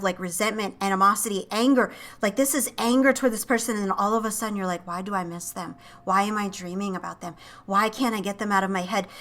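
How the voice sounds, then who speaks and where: A woman with a medium-pitched, bright, forceful voice gives an intuitive tarot reading to camera as a tarot reader and psychic channel. She is emotive and often breaks off to exclaim as impressions come to her.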